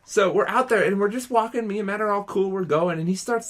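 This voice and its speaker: A man's voice: high-pitched, fast, few pauses. A man co-hosting a podcast, telling a casual story and acting out his friends' lines with animation. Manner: animated, acts out friends' voices. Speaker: podcast co-host.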